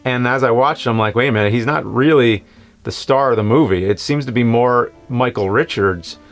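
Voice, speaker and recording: A man hosting a casual film review, talking in an unhurried, hesitant way. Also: medium pitch, faint music behind. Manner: unhurried, hesitant, many fillers. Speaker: show host, film reviewer.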